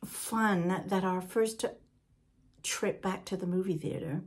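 A woman's voice: mid-range voice, fairly even intonation, takes it slowly, slightly rough. An older woman from Britain hosting a podcast in a casual, rambling chat with asides to the listener. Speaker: podcast host.

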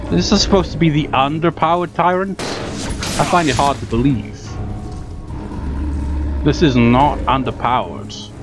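A man's voice: on the high side, a little slow, pauses often. A young man giving exasperated, sarcastic commentary on a game he is playing at home, swearing often. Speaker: let's play gamer. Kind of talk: gameplay commentary. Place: home room with a cat. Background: game music.

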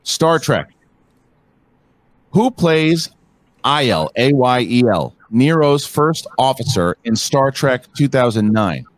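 A man acting as quizmaster, reading trivia questions and counting down in a measured way. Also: medium pitch, sing-song, no echo.

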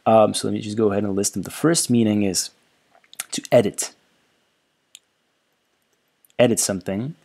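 Low gravelly-voiced man giving a lecture. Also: moderate pace, long pauses. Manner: relaxed, with many fillers and repeated words. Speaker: language teacher. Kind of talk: casual lecture over slides.

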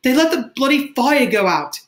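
Ralph, a woman doing a desperate shouting boy. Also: fairly low pitch, normal speed, close to an everyday voice. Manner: loud, urgent shouting.

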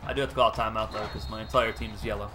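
A man casually commenting on his own football video game, bursting into loud shouts at big plays. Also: lowish voice, fairly even intonation, racing. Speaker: gaming YouTuber. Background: game music.

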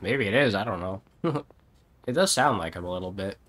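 A man's voice: on the low side, expressive, brisk, fairly bright tone. A young man casually commentating a video game stream with joking gamer banter. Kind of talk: let's play commentary.

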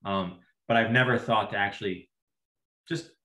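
Podcast guest, male, low register, halting and reflective, roomy echo. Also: sharp tone. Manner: thoughtful, halting, restarts sentences. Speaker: social worker guest. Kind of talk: casual podcast conversation.

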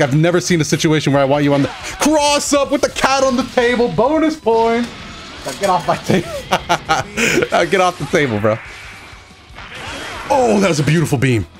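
A young man giving excitable, joking commentary over his own fighting-game matches, yelling at big moments. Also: high voice. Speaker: gaming channel host. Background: game music.

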